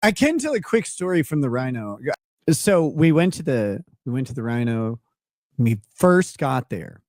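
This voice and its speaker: This is a man from Minnesota, hosting a casual chat show and spinning a long, rambling anecdote. He laughs often, restarts his sentences and leans on fillers. His voice sits at an ordinary middle pitch, and the sound is dry and close, with no room behind it. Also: big pitch swings, moderate pace, a little mellow, no echo. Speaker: show host.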